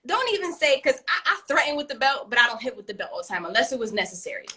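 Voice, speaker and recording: A woman's voice: fairly high pitch, very animated, rapid-fire, sharp tone. A woman in her thirties from Brooklyn with a New York accent, co-hosting a casual talk show and acting out scenes with swearing and laughter. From East New York, Brooklyn. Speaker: podcast co-host. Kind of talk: casual chat.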